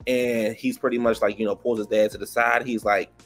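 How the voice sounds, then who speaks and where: Animated gossipy man with a DMV accent. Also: brisk, vocal fry, soft background music. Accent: DMV (Washington DC area). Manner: animated and gossipy, laughing often, big jumps in pitch when acting out others. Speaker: reality TV recap host. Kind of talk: casual chatty episode review.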